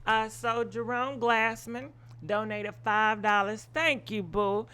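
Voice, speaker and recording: On the high side and steady in tone, her bright, forceful, smooth voice moves at a slow pace as she hosts a live gossip stream. The commentary is blunt and opinionated, laced with swearing, rambling asides, and frequent ums.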